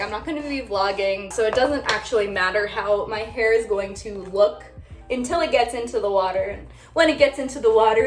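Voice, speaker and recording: Brief: young woman vlogger, bubbly, chatty, slightly high voice, roomy home audio with faint music. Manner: bubbly, chatty, frequent "like" fillers. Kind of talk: casual get-ready-with-me chat.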